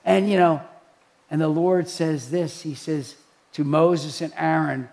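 Guy preaching casually, high voice, kinda gravelly, acts out the people in his stories. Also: unhurried. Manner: animated storytelling, acts out quoted voices. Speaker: pastor. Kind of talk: preaching talk.

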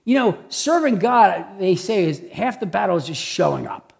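A man preaching a sermon as pastor, conversational, with many tag questions and frequent throat clearing. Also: high voice, sing-song, normal speed, few pauses, a little mellow. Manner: clears his throat often.

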